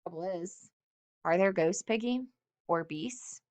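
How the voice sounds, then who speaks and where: A woman's voice: on the low side, slow pace, darkish tone. Woman voicing Ralph, an earnest troubled boy. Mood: uneasy. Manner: earnest, worried.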